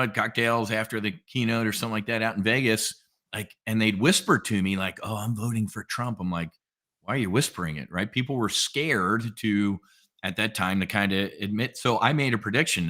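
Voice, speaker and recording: Guest trader, male, low bright voice, lively slangy storyteller. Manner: energetic storyteller, casual slang. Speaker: podcast guest, options trader. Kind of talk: casual podcast chat.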